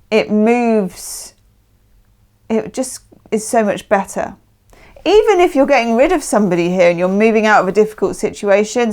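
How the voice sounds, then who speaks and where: A woman's voice: mid-range voice, a little mellow. A woman giving a casual, chatty tarot reading, emphatic and often checking in with the listener. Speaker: tarot reader.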